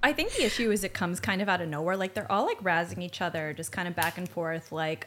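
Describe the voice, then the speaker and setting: A woman co-hosts a casual podcast recap in a very lively voice whose pitch swings widely. She sounds incredulous and acts out the lines she quotes. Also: fast, hardly any pauses, a little hiss or hum. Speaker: podcast co-host.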